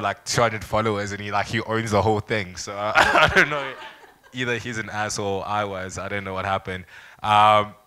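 A young man from South Africa spins a personal anecdote for a live audience at a founders' event. His voice is bright and forward, and he slips into quick impressions of the people in his story. He keeps the room with him in a casual, storytelling style. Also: on the low side. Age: young adult. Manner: lively anecdotal storyteller, acts out quoted people. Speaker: startup founder speaker.

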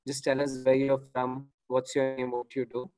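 A man's voice: mid-range voice, completely flat delivery, moderate pace, mellow, no echo, rough recording. A man hosting a live webinar on a video call, apologetic and reassuring while filling time. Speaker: webinar host.

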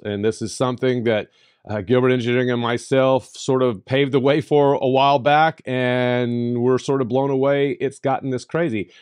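A man talks through a software tutorial in a voice-over. He is emphatic and playful, and his voice leaps up in pitch when he stresses a point. His voice sits in the middle range, recorded close and dry with no room sound. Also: clean tone, no echo. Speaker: tutorial host.

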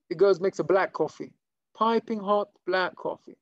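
A man, a rabbi, telling stories in an animated, conversational way to a small live class. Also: high voice, moderate pace, no echo, dull audio. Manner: animated, conversational storyteller with many fillers. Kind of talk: storytelling Torah lesson to a live group. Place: room with a small live audience.

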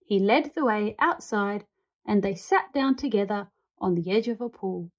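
A woman reading a children's picture book aloud, with calm, clear storytelling. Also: mid-range voice, normal speed. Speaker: read-aloud host.

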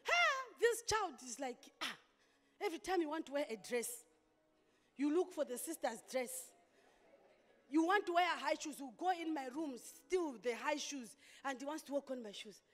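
A woman pastor delivering an impassioned sermon, with sudden loud outbursts. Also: high voice, animated, moderate pace, soft background music. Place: church hall. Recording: long hall reverb.

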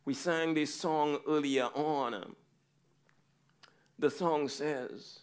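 A man's voice: a little high, steady tone, very slow, long pauses, clean tone. A male pastor preaching a fervent sermon, rising into repeated pleading cries.

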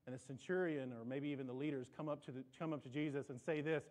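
A man preaching a sermon in a church, animated, often repeating and restarting his words. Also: fast talker, hardly any pauses. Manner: animated, climbs in pitch and volume for emphasis. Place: church sanctuary.

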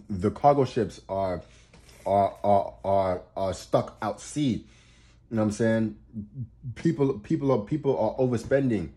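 A man's voice: on the low side, dark tone. A man giving astrology advice in a casual motivational monologue, emphatic, repeating and restarting words and swearing for emphasis. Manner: laughs while getting worked up.

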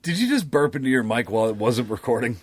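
A man's voice: medium pitch, sing-song, fast talker, a little hiss or hum. A man co-hosting a casual podcast, teasing his partner with a drawl. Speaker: podcast co-host. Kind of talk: casual chat.

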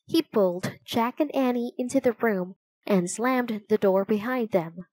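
A woman reading a children's chapter book aloud, telling it slowly and clearly. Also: fairly high pitch, a little mellow, dry recording, poor audio. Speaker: storybook narrator.

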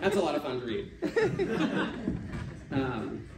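A man reading stories aloud at a live stage event, expressive and shifting voices for the figures. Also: mid-range voice, slow, creaky, a loud crowd. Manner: expressive, changes voice for quoted figures. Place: stage venue. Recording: echoey room from a distance, faint noise.

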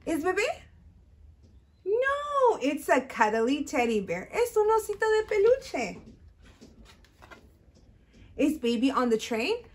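High, lively children's librarian. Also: female voice, slow pace, long pauses. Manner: sing-song, exaggerated for small children; switches between English and Spanish. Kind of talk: bilingual storytime reading and singing.

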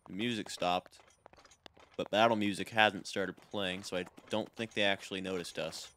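A man with a deep, slightly bright voice hosts a video game let's play at a normal speed and a steady tone. He rambles casually and jokes at his own expense while chatting with viewers, game music playing behind him.

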